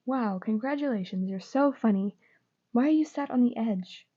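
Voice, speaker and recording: A soft-spoken teenage boy wizard, a rival turned caring friend, read by a woman. He often drops close to a whisper, in a dark, mellow voice on a dull lo-fi recording. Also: on the high side, normal speed, breathy edge. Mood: gentle.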